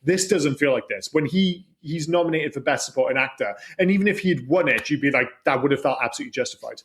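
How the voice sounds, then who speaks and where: A man's voice: a little high, fast talker, husky. A man co-hosting a podcast, chatting casually and swearing freely as he talks animatedly. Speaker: podcast co-host. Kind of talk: casual chat.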